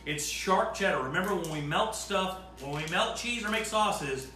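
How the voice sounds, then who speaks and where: A man's voice: high voice, lively intonation, normal speed, echoey room, over loud music. A man hosting a casual cooking demonstration, bantering and mock-indignant while he explains each step. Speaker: cooking show host.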